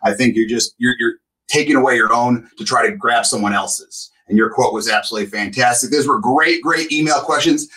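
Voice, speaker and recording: A man co-hosting a casual podcast chat, an animated and emphatic storyteller. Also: mid-range voice, a little fast. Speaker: co-host. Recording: voice a bit distant from the mic.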